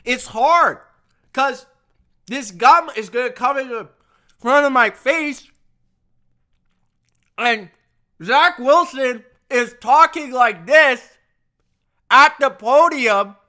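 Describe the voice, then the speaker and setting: Man, sports show host, high voice, bright tone, emphatic casual rant. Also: expressive, slow pace, pauses often. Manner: emphatic, repetitive, addresses viewers as bro.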